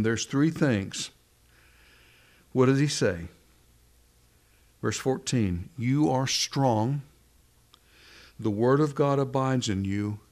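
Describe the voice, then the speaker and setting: Conversational male preacher in mid pitch. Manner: conversational, asks the congregation questions. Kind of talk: sermon.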